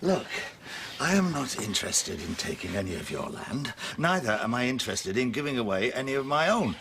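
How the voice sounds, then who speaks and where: A man playing a blustering, condescending older landowner and father, with a gravelly voice, in a stage comedy. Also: mid-range voice, very animated, fairly quick, noisy background. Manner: blustering, condescending, calls the other 'boy'.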